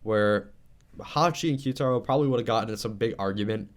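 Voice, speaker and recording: A man in casual chat as a manga discussion co-host, enthusiastic and quick to laugh. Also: lowish voice. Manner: enthusiastic, laughing, acts out quotes.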